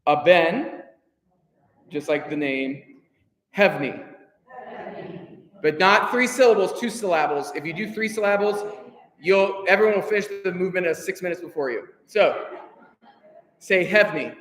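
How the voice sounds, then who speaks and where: Upbeat high-voiced choir director, echoey hall. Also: male voice, lively intonation, moderate pace, fairly bright tone. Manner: upbeat, encouraging, counts beats aloud. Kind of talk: choir rehearsal instruction. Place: rehearsal hall. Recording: echoey hall with long reverb.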